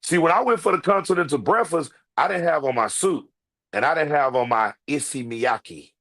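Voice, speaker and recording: A man with a slightly high voice, speaking at normal speed, hosts his own online show. He tells a comedic, profane story straight to his viewers in an animated way, calling them "y'all."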